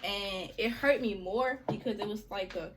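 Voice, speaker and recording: A woman's voice: mid-range voice, normal speed, a little hiss or hum. A young woman vlogger telling a story to her viewers in a chatty, slangy way, often calling them y'all.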